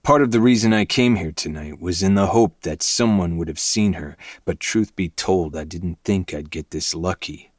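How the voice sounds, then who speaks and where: A man reading a dark novel aloud in first person, with low, intense, brooding delivery. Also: moderate pace, few pauses, no room sound, studio quality. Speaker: podcast host reading a novel.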